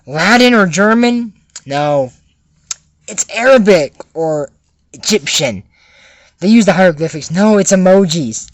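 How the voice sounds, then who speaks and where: A man's voice: high-pitched, animated, unhurried, long pauses. A young man giving a sarcastic, comedic recap of a cartoon episode and acting out the characters' lines.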